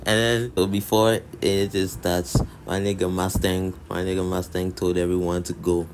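A man's voice: deep voice, little pitch movement, normal speed, noisy background. A man giving casual comedic anime commentary, profane, slangy and joking.

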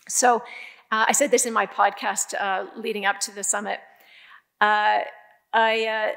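An older woman giving a keynote speech, telling stories in a lively way with emphatic, repeated phrases. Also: medium pitch, gravelly. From Canada. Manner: lively storytelling, emphatic repetition. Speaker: keynote speaker.

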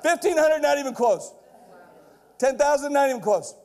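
Middle-aged man with a very high voice, brash stage speaker who builds to shouted punchlines. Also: animated, normal speed, pauses often. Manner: keeps checking in with the crowd with "okay?". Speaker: keynote speaker. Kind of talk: energetic stage keynote. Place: large lecture hall before a live audience.

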